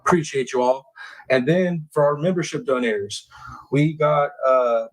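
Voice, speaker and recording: A man's voice: fairly high pitch, moderate pace, poor audio. Frustrated man ranting live. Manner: frustrated, blunt, swears, drawls "y'all" and "man". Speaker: true crime livestream host. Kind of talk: casual live-stream rant and chat reading.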